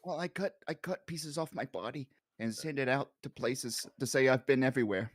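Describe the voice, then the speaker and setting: A man's voice: medium pitch, normal speed, no room sound, clean studio sound, natural voice. A man playing an eccentric, morbid 84-year-old male caller with a wavering put-on accent, in an improvised comedy bit. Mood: deadpan. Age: 80s. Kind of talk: improvised comedy role-play.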